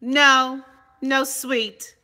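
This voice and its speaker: Bahamian woman co-host, sassy and bossy, bright tone, a little high. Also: little pitch movement, drawn-out words, slight background noise. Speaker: radio co-host. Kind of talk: casual chat.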